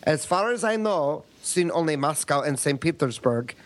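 A man's voice: fairly high pitch, expressive, moderate pace, lightly acted. A man reading a listener's email aloud in a put-on Russian accent, with hammy broken English. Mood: mock-serious.

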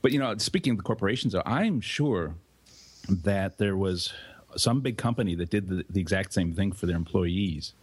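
A man on a podcast panel, calmly explaining things at length in casual chat. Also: deep voice, moderate pace, husky.

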